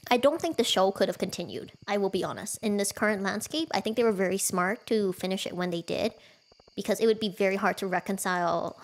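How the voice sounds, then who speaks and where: A woman streaming a cozy farming game from home, chatting casually with her viewers, giggling often and poking fun at herself. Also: medium pitch. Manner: chatty, giggly, self-deprecating.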